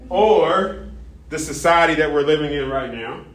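A man lecturing an ethics class, animated and interactive, quizzing students and tagging sentences with "right?". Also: fairly high pitch, measured pace, recorded from a distance. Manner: animated, asks the class questions, frequent "right?". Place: large echoey classroom. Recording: echoey classroom recorded from afar.

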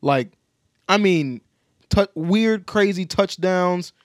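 Young male co-host, relaxed and slangy, a bit high-pitched, dry studio sound. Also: slow, dry recording. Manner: laid-back, slangy, trails off with fillers. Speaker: podcast co-host. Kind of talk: casual chat.

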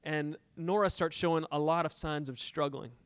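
A man's voice: fairly high pitch, steady tone, moderate pace, clean tone, no room sound. A middle-aged man preaching a sermon as pastor, telling a personal story and acting out his arguments with God, building to impassioned peaks.

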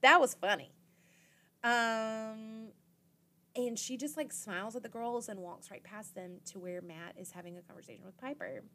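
A woman's voice: a little high, moderate pace, a bit bright. Chatty young woman recapping a show. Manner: chatty, filler-heavy with frequent "like" and quoted reactions. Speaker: podcast host. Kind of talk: casual recap chat.

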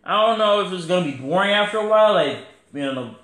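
A man's voice: sits high, lively intonation, fast talker, fairly bright tone, roomy sound. A man hosting his podcast, giving a casual, rambling wrestling review full of slang and fillers. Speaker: podcast host.

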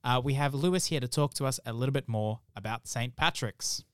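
A man's voice: mid-range voice, brisk, clean tone, no echo, clean studio sound. A young man opening the show with enthusiastic, conversational remarks. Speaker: host. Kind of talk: casual introduction.

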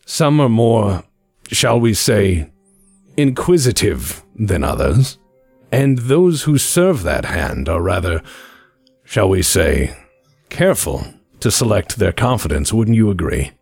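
Guy doing a low silky spymaster, slow and dainty, very dry sound. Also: big pitch swings, a little mellow, husky, no room sound, soft background music, full character voice. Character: refined, menacing male spymaster sipping tea.

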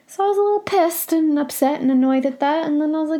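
A young woman talks through her solo podcast from home in a rambling, heartfelt, confessional way. Her voice sits a little high and keeps slipping into a gravelly fry. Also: a little fast, hardly any pauses, dark tone. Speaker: podcast host.

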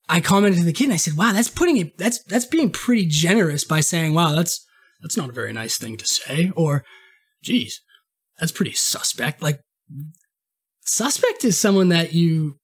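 A man from Maine, hosting a podcast in a casual monologue, rambling and animated, swearing, and acting out quoted remarks in a raised voice. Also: fairly high pitch. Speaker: podcast host.

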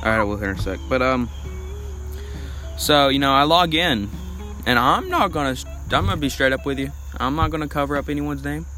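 A man's voice: medium pitch, animated, a little fast, over music, rough recording. A young adult man, a podcast guest, rambling through a story in casual chat with many fillers.

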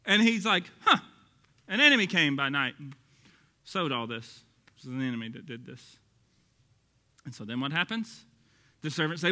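A male pastor with a Texas accent delivers an animated, joking sermon, acting out quoted voices and sometimes shouting. His pitch is fairly high, his speed normal, and he takes long pauses.

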